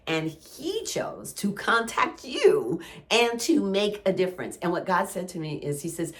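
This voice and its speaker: A woman's voice: medium pitch, very animated, a little slow. A middle-aged woman giving a casual devotional talk, telling stories in a chatty way and often asking "right?". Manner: chatty storytelling with frequent "right?" and "y'all". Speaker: Christian ministry speaker.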